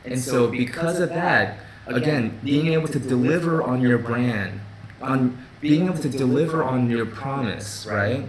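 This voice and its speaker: A man's voice: medium pitch, a little slow, echoey room, slight background noise, poor audio. A man hosting a live Q&A stream from his office, speaking casually with many restarts and repeated "you know" and "right?". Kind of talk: casual livestream talk.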